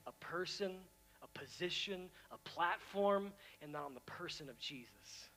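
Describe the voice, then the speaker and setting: Man, pastor, sermon, emphatic, repetitive, hushed to loud, high pitch. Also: expressive, a little slow.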